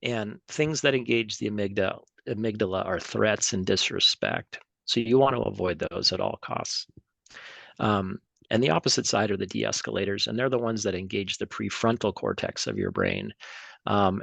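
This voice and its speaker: A middle-aged man talks an audience through his points in a hesitant, informal way, full of ums and restarts. His voice sits low with a gravelly fry. The sound is close and dry, with no room echo. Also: lively intonation, moderate pace, a bit bright. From United States. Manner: hesitant, many ums and restarts, occasional throat clearing. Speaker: emergency physician and tennis official giving a talk.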